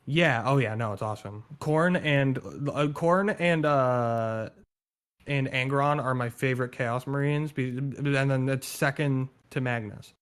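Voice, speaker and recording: A man in casual chat, excitedly explaining game lore, swearing and going on tangents. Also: mid-range voice, measured pace, smooth.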